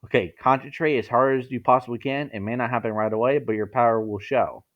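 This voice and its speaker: A man's voice: medium pitch, fairly even intonation, fast, narrow, tinny audio, close to an everyday voice. A man reading a commanding young noblewoman. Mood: instructing. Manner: bossy, commanding.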